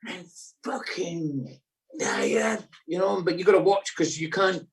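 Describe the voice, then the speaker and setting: Comedian guy, slightly higher voice, sounds a bit far from the mic, chatty and animated. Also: a little slow, vocal fry. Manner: lively, acts out characters in silly voices. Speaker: guest comedian. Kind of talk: casual chat.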